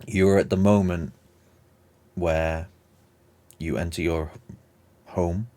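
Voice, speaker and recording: A man narrating a tabletop game as game master in a measured, descriptive way. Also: sits low, fairly even intonation, dark tone.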